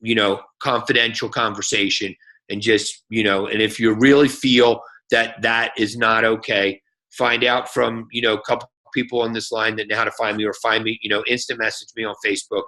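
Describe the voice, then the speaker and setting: A man as a guest speaker on a team phone call, giving an energetic, folksy sales pep talk and checking in with a frequent "okay?". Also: fairly low pitch, normal speed.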